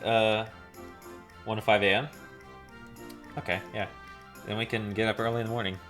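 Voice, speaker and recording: A man's voice: lowish voice, flat delivery, moderate pace, fairly bright tone, faint music behind. A young man streaming a game, chatting casually, swearing and laughing at himself.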